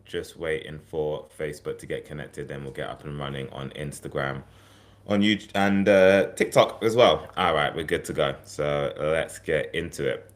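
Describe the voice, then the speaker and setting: Deep-voiced man hosting a casual livestream. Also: steady tone, normal speed. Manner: chatty, rambling, many fillers and restarts. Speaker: herbal health livestream host.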